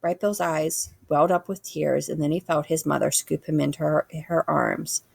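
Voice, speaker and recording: A woman reading a children's book aloud with expressive storytelling. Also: deep voice, normal speed, gravelly, slightly rough, dry recording. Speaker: reader.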